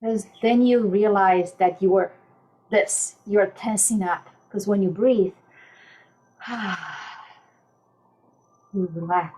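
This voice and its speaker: A woman life coach speaking gently and soothingly in a podcast interview, softly repeating calming mantras. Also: medium pitch, a little slow, a little hiss or hum, poor audio.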